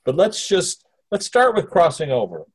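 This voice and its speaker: A man with a somewhat high, breathy voice whose pitch swoops wildly talks at normal speed. He's hosting a casual interview with a spirit through a medium, posing long rambling questions he often restarts.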